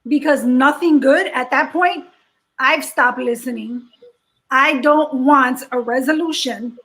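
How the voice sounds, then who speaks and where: High-voiced woman podcast host. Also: takes it slowly, fairly bright tone, poor audio. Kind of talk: casual chat.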